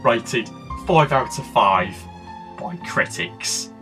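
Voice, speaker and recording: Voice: mid-range voice, animated, takes it slowly, pushed and bright. An announcer reading a promotional spot in a swooping, sing-song delivery. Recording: music playing behind.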